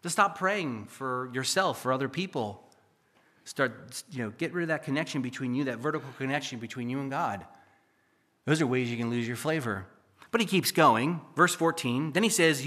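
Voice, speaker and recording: A man's voice: medium pitch, expressive, normal speed, bright, forceful tone. A male pastor preaching a sermon in church, reading scripture aloud with emphasis and explaining it.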